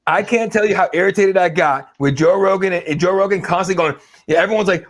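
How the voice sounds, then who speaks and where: Talking fast in a voice on the high side, this podcast co-host rants casually, full of profanity and mocking impressions.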